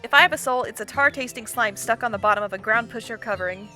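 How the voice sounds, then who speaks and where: A woman's voice: a little high, fast talker, bright, forceful tone, soft background music. A woman voicing a drug-addled, laid-back male troll clown from a visual novel, talking in a rambling, slangy drawl full of swearing. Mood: dopey friendly.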